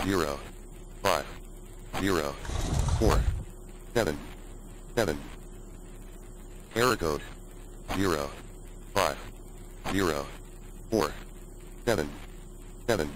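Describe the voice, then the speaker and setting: A man voicing a deep, monotone computer error announcement in a game, reading codes with slow robotic repetition over a noisy background. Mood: ominous.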